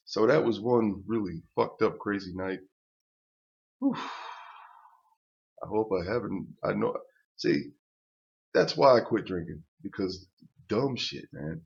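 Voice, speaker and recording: A man's voice: fairly low pitch, lively intonation, normal speed, vocal fry, pauses often. An older man telling a personal story to camera in a rambling, profane rant full of restarts. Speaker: channel host. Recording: dull lo-fi recording.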